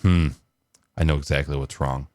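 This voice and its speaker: A man voicing a calm, matter-of-fact male store clerk in a told joke. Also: rumbling low, normal speed, no room sound, studio quality, voice pushed down. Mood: assured.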